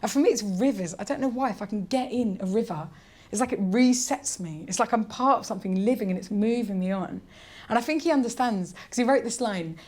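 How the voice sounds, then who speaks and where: A woman in her forties performing stand-up comedy on a theatre stage, animated, exclaiming and self-mocking. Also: on the high side, fairly quick.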